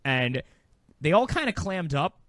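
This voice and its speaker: A man co-hosting a wrestling podcast in casual chat, a quick storyteller who recaps things with amused asides. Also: a little high, big pitch swings, fairly bright tone, no echo. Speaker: podcast co-host.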